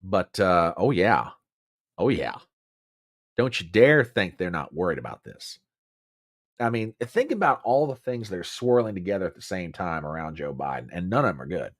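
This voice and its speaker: Southern male host, low voice that swings widely, emphatic and chatty livestream talk. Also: very animated, moderate pace. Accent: Southern American. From American South. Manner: chatty, emphatic, repeats phrases, talks to chat viewers. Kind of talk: casual political commentary livestream.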